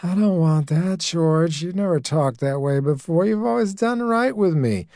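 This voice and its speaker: A man's voice: on the high side, lively intonation, measured pace, warm tone, no room sound, voice pushed up. A hard-drinking, bitter woman with a crude, brash tongue, as a man reading a story puts her on. Her voice sits well above his own, and the sound is dry and close. He lets her words spill out in a raised, pushy tone. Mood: pleading. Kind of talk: audiobook reading.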